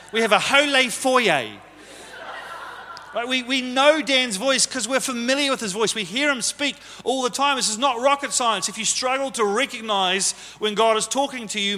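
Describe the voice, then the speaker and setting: Aussie pastor guy, chatty sermon, pretty high voice, reverby church hall. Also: sharp tone. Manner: conversational, teasing the congregation.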